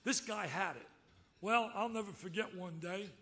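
Brief: man in his 70s, high-pitched and bright, loud and exclamatory award speech. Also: moderate pace. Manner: excitable, loud, storytelling, exclamatory. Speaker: award recipient giving a speech. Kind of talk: lively acceptance speech.

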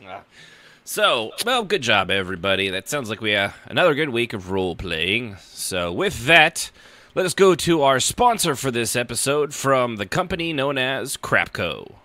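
A man hosting a podcast in casual chat, with relaxed, mumbling asides. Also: mid-range voice, moderate pace. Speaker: podcast host.

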